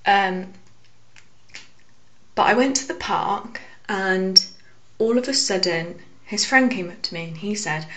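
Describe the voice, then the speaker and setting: A young woman telling a personal story to camera, hesitant with frequent fillers and soft asides. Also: medium pitch. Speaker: vlogger.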